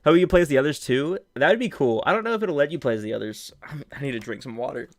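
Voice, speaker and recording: A man's voice: a little high, racing, slight background noise. Hyped young man reacting on stream. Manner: excitable, loud bursts of hype and laughter. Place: home room.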